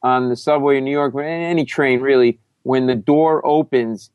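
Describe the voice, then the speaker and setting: A man telling a story as a comedy guest, loud and profane, often breaking into shouted reenactments. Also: mid-range voice, steady tone, normal speed, smooth, no echo, lo-fi sound. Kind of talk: animated storytelling.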